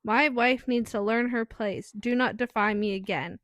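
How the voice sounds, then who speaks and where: A woman's voice: fairly high pitch, steady tone, moderate pace, a bit bright, dry recording. Woman chiming in on a book podcast. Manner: chiming in, correcting and adding details. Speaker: podcast co-host. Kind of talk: casual book review chat.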